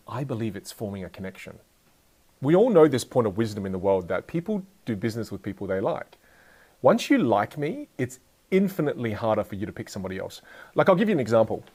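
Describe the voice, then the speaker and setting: A young man giving a lively motivational talk on communication skills, joking and chatting with his audience. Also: medium pitch, fairly quick. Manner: energetic, playful, jokes with the audience. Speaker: speaker teaching communication skills.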